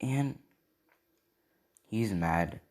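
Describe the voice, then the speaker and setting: A man with a low voice tells an improvised fan story in a loose, casual way. He talks slowly and leans on fillers and tag questions as he goes. The delivery stays relaxed and meandering throughout. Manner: rambling, many "and yeah" and "right?" fillers.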